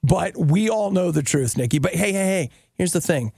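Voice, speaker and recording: A middle-aged man co-hosting a talk show, bantering playfully and telling stories with animated teasing. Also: high voice, normal speed, vocal fry, slightly rough, no echo, studio quality. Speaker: co-host.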